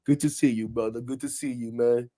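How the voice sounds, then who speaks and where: A man hosting a live stream in excited casual chat, laughing often, swearing freely and shouting out friends. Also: medium pitch, brisk.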